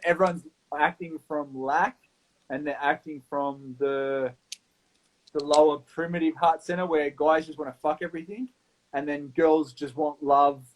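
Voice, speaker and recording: A blunt Australian man with a fairly high voice talks in a loose round table chat. He swears freely and keeps the delivery animated. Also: low-quality recording. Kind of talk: casual chat.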